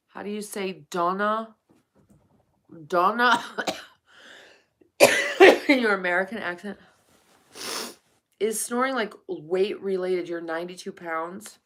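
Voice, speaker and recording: A woman's voice: medium pitch, takes it slowly, long pauses, fairly bright tone. A woman live streaming at night, chatting casually with viewers and calling them honey and darling.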